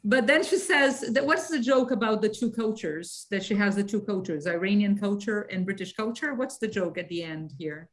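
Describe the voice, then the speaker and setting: A woman's voice: medium pitch, low-quality recording. Woman teaching English patiently. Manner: patient, explains slowly and checks for understanding.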